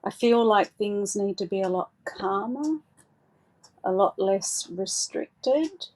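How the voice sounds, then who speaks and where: Slow, hesitant woman psychic. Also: medium pitch, lively intonation. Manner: hesitant, many fillers and restarts; gentle, reassuring advice. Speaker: psychic giving readings. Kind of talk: live call-in psychic reading.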